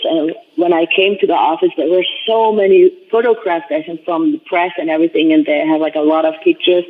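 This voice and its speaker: Woman on a tinny phone line. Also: sits low. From Germany. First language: German. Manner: chatty, many "like" and "you know" fillers. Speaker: guest. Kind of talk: casual storytelling interview.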